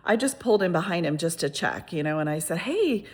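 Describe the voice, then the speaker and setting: A fast-talking woman with a low voice tells a personal story casually on her vlog. She keeps restarting and going off on asides, relaying events in a lively, exclamatory manner.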